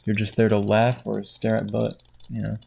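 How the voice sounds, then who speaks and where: A man chatting casually at his computer at home, tired, quiet and rambling, laughing often. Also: fairly low pitch, completely flat delivery, moderate pace, creaky. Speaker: video creator. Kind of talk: casual chat while clicking at a computer. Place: at home indoors.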